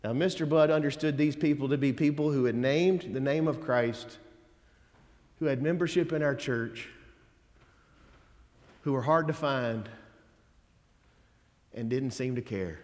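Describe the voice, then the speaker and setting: A man's voice: medium pitch, measured pace, long pauses, a little mellow. Man preaching in a reverberant church. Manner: conversational preaching with folksy asides and emphatic quotes. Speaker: pastor. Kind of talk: sermon. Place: church sanctuary.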